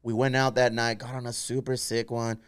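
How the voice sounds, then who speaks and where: A man from San Diego, a guest DJ, telling stories fast and profanely in casual podcast chat. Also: medium pitch, little pitch movement, clean tone, no room sound, studio quality. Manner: rapid storytelling, profane, calls people fool.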